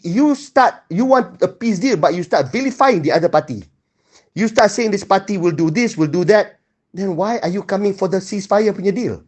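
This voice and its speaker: A man's voice: high voice, darkish tone. A man with a Malaysian accent giving blunt, indignant solo political commentary, dropping Malay words into his English.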